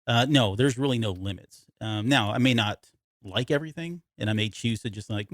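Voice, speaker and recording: Low-ish guy rambling on a podcast, keeps cutting himself off, dry mic. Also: fairly quick, no echo. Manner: rambling, self-interrupting, laughs easily. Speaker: podcast co-host. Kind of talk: casual chat.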